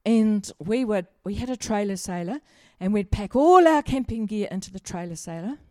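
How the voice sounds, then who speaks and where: A middle-aged woman pastor with a warm, mid-range voice and lively intonation preaches at a moderate pace, sharing personal stories. She's chatty and humorous and quizzes the congregation. The recording is clean studio sound with no room noise.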